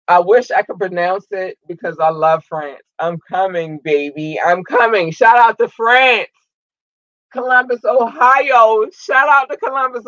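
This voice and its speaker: Man from Maryland, livestream host, effusive shout-outs, bursts of shouting, dry close sound, lo-fi stream audio. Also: high-pitched, no echo. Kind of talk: casual live shout-outs to listeners.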